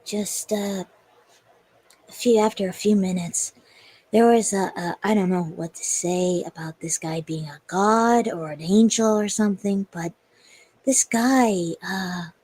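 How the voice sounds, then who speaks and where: A woman's voice: mid-range voice, measured pace, darkish tone, slightly rough, dry recording. A young woman telling a story on a livestream in a rambling, hesitant way with many fillers. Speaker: streamer.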